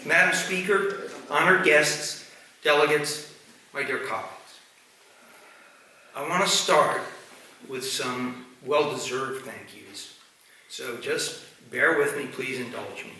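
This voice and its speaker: A man's voice: medium pitch, slow, long pauses, sharp tone, slight background noise. A man, the new president of a medical society, giving a formal speech to delegates, joking and thanking colleagues. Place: large meeting hall. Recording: echoey hall, distant mic, crowd murmur.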